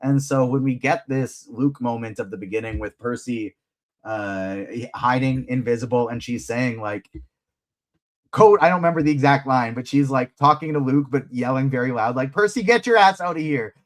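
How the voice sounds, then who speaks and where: Enthusiastic man co-hosting a fan show. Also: medium pitch. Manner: enthusiastic, quick to act out quotes. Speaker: co-host. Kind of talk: live episode breakdown chat.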